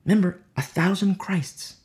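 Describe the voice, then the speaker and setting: A preacher delivering an animated sermon, driving points home with emphatic repetition and acting out the people in the story. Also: mid-range voice, moderate pace. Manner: acts out quoted voices.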